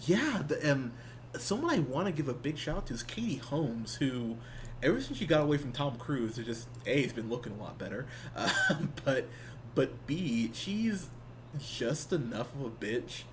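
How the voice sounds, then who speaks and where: A man co-hosting a casual movie review podcast, talking in a loose, joking way and often restarting his sentences. His voice sits at a middle pitch, with faint background noise behind him. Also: sing-song, moderate pace. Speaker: podcast co-host.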